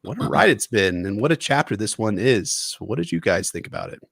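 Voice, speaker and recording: A man's voice: fairly low pitch, big pitch swings, fairly quick, creaky, fairly bright tone, no echo. A man in his young adult years, co-hosting a podcast and reading a chapter synopsis with earnest, emotional delivery. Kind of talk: book synopsis reading and chat.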